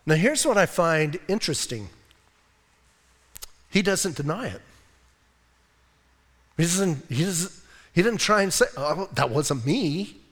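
A male pastor preaching a sermon in an animated, conversational way, acting out quotes and laughing often. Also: high voice, a little slow, pauses often, big-room sound.

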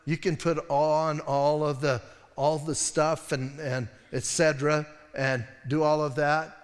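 A man's voice: a little high, level tone, unhurried. Man preaching in a long-echoing church hall. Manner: conversational, self-interrupting preaching with wry asides. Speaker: pastor. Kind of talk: expository sermon.

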